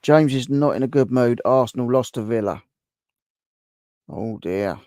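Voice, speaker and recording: A man's voice: medium pitch, brisk, darkish tone, no echo, studio quality. A man hosting a live stream, chatting casually and reacting to viewers' guesses as he reads their comments aloud.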